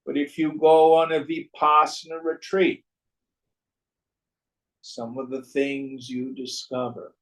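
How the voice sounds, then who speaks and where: A man giving a slow, measured spiritual talk on scripture, his voice trailing off softly at the ends of phrases. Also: medium pitch, monotone, poor audio. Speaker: spiritual teacher.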